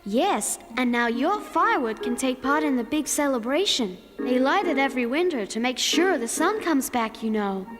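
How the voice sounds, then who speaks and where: A calm, knowing female winter creature with a high voice. She explains things in a matter-of-fact way. Her voice rings with a long reverb, and cartoon music plays clearly behind. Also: normal speed, hardly any pauses. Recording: reverberant dub with music score.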